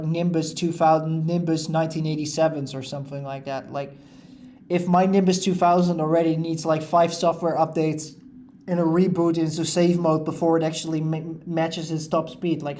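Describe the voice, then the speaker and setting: A let's play host rambles casually over a video game playthrough, packing his sentences with "like" and "uh." His voice is fairly high and a little mellow, with little pitch movement, and he talks at a normal speed.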